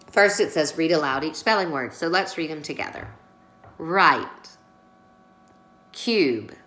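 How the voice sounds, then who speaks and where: A woman's voice: on the low side, pushed and bright. Patient woman teacher in an echoey room. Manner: patient, instructive, frequent check-ins. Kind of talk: recorded remote class lesson.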